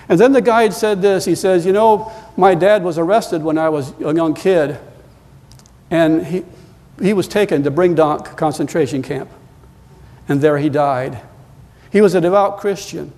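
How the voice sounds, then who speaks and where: A man preaching a sermon as pastor, telling stories and climbing louder and higher when he presses a point. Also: gravelly. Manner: storytelling, rising in pitch and volume when emphatic. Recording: long reverb of a large hall.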